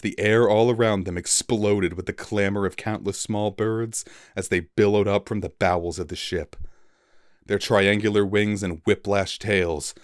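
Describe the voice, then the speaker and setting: Deep male reader for dramatic storybook narration, pauses for effect, dry sound. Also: no room sound.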